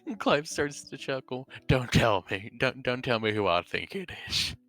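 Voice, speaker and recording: A man's voice: mid-range voice, very animated, normal speed, a bit bright, no room sound, faint music behind. A man chatting in character during a tabletop role-play, stammering now and then and calling others "mate".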